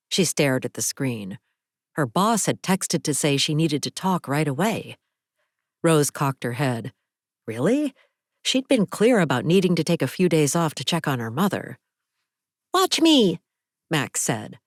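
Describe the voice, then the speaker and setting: Low-voiced woman reading a thriller. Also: no echo, clean studio sound. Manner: dramatic, expressive thriller reading. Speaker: audiobook narrator. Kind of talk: scripted audiobook narration.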